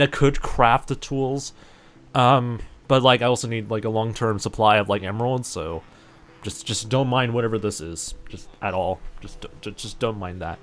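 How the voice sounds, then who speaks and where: A young man with a New Zealand accent and a sore throat, rambling casually with lots of fillers and mock exasperation while streaming a game. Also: on the low side. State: sore throat and stuffy nose. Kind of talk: casual live-stream chat while gaming.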